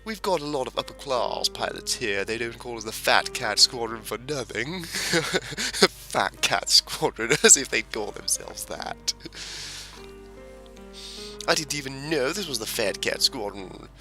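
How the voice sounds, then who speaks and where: A man's voice: mid-range voice, animated, moderate pace, sharp tone, faint music behind. A man chatting casually over a flight game, reading its story aloud and joking at himself. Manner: chatty and self-mocking, reads story text aloud. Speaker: game video maker. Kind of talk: casual gameplay commentary and reading the campaign story.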